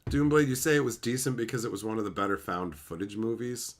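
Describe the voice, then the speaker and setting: A man's voice: on the low side, fast talker. A man streaming casually, reading chat and ranting, with frequent swearing and voiced impressions. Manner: animated, swearing, mimics others.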